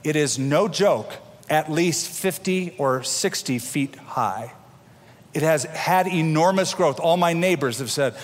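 A middle-aged male pastor delivers a sermon in a chatty, down-to-earth way, slipping into homely asides and sometimes restarting his words. His voice sits a little high for a man. The sound carries a long, ringing reverb from a large hall. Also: slow pace. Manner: conversational preaching with homely asides and repeated restarts.

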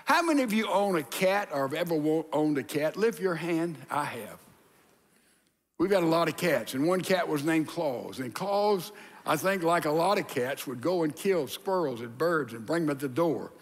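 An older man, a pastor, preaching an animated sermon in a church and acting out voices, with hushed asides. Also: a little high, normal speed. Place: church sanctuary. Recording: long hall reverb.

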